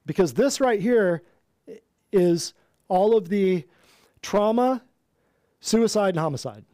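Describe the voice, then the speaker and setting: A man's voice: high voice, expressive, slow, mellow, dry recording, studio quality. A man teaching a natural health class in an emphatic, repetitive lecture style, often asking the room questions.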